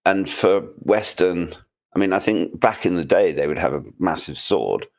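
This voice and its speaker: Low-voiced guy on a chat show, calm and measured. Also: gravelly. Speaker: podcast co-host. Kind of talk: casual chat.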